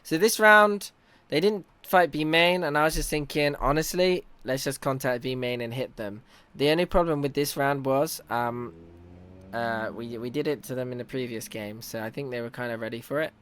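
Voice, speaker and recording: A man's voice: medium pitch, moderate pace, fairly bright tone, smooth. A young man, a team captain, giving chatty, analytical commentary over match footage and teasing himself now and then. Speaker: team captain and in-game leader.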